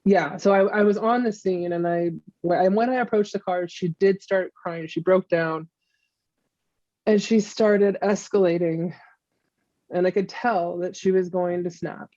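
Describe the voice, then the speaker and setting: Woman, candid interview guest, mellow voice, lo-fi muffled recording, dry. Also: lowish voice, steady tone, dry recording. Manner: candid, halting, with frequent restarts. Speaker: guest, mother of the subject. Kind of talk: personal interview, recounting events.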